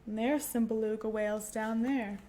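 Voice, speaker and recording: A woman leading a children's library storytime, talking gently and singing nursery songs in a slow, sing-song way. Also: on the high side, steady tone. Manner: soft whispered singing.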